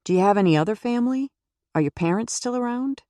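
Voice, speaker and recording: A woman voicing an older nun who works as a counselor, asking calm, gently probing questions. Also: a little high, fast talker, no room sound, voice pushed up, natural voice. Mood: concerned.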